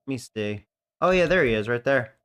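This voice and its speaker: A man's voice: mid-range voice, expressive, brisk, a bit bright, clear, resonant tone, soft background music. A man casually commentating a video game, rambling and joking with frequent laughs. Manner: rambling, jokey, laughs often. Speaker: gaming streamer.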